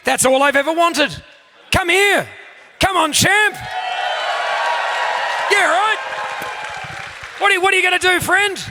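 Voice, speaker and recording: An Australian man hosting a live comedy show on stage, loud, sweary and exasperated as he banters with the audience. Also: very high-pitched, unhurried, long pauses, a crowd in the background, noisy background.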